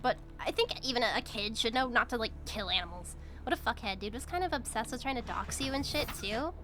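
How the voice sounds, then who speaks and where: A woman's voice: fairly high pitch, expressive, a little fast, over music. A woman streamer chatting casually while she plays, blunt and profane, rambling with lots of fillers. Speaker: VTuber streamer.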